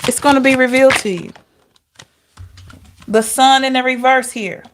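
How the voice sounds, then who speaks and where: Woman doing a tarot reading, kinda high voice, chatty and upbeat, talks right to y'all. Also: steady tone, normal speed, background noise. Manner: chatty and encouraging, laughs often, addresses viewers as y'all. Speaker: tarot reader. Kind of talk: casual tarot reading monologue.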